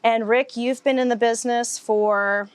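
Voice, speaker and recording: A woman hosting an interview, asking brisk, upbeat questions. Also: a little high, fairly even intonation, clean tone, no echo.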